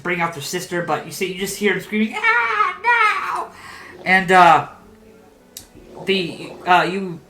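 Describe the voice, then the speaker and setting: A woman's voice: on the low side, a bit bright, low-quality recording. A woman narrating a tabletop game as game master, rambling with many fillers.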